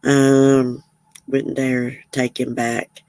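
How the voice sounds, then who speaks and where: Woman host, low voice, rambling chatty livestream talk, dry close sound. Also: little pitch movement, drawn-out words, mellow, dry recording. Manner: chatty, rambling, laughs often. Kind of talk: casual chat reading viewer comments.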